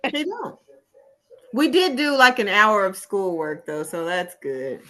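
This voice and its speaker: A woman's voice: mid-range voice, animated, a little slow, sharp tone. A woman chatting casually with family on a video call, laughing often as she talks.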